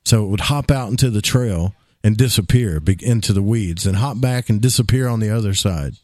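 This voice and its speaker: A man who is a guest on a talk show, telling a childhood story in an animated way. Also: lowish voice, a little fast, no room sound.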